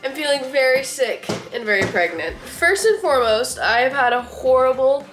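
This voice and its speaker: Bubbly chatty young woman, high voice. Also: animated, moderate pace, fairly bright tone, echoey room, faint music behind. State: pregnant, getting over a cold. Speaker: vlogger. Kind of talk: casual vlog chat.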